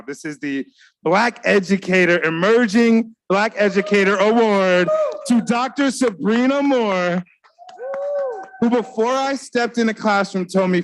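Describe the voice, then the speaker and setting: A man's voice: high voice, a little slow. A man giving an emotional, earnest award speech from an awards ceremony stage, talking straight to the crowd. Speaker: award presenter.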